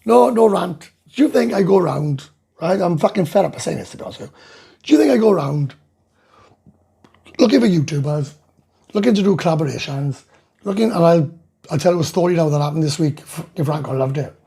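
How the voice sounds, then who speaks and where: A man's voice: fairly high pitch, expressive, brisk, mellow. A middle-aged Welsh man hosting a casual live chat, reading viewer comments aloud and answering in a blunt, sweary, ranting way. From Wales. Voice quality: gravelly, very husky. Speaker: livestream host reading chat.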